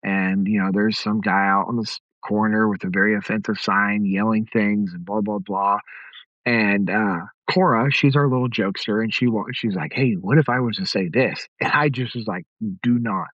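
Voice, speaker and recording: A man's voice: on the low side, normal speed, fairly bright tone, dry recording, highs cut off. A middle-aged man hosting a podcast, telling stories in a direct, conversational way. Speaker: podcast host. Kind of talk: casual podcast talk.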